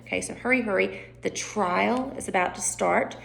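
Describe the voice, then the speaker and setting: A woman's voice: mid-range voice, moderate pace, vocal fry, few pauses. A woman directing a play rehearsal in a casual way, often checking in with "right?". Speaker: drama director. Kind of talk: rehearsal coaching.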